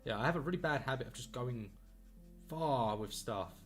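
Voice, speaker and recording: Chatty, lively-voiced man streaming his art. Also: mid-range voice, normal speed, faint music behind. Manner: rambling, upbeat, self-deprecating, with many fillers. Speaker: artist live-streaming a drawing. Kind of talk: casual live-stream chat while drawing. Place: home art studio.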